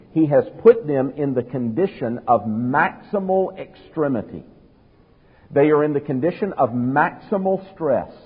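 A man preaching an expository sermon, measured and emphatic, slowing down to stress key phrases. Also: on the high side, breathy edge. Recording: tinny phone-like sound, long hall reverb.

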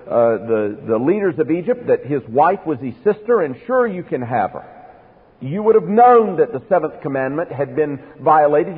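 A man with a slightly high, husky voice preaches with earnest emphasis and keeps putting questions to his listeners. His voice comes through a narrow, phone-like broadcast sound. A long reverb hangs behind each phrase, as in a large hall. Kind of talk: sermon.

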